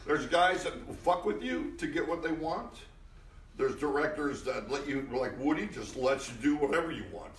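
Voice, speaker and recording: A man's voice: on the high side, moderate pace, a little hiss or hum. A man, a guest actor, telling anecdotes at a live interview event. He talks loosely, with frequent restarts and swearing, and acts out the people he quotes. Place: live event in front of an audience. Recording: echoey room, mic at a distance.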